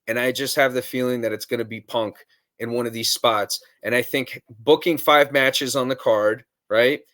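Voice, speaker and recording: A man's voice: medium pitch, fairly even intonation, moderate pace, sharp tone. A man hosting a wrestling podcast, talking in casual, blunt chat and swearing freely. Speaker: podcast host.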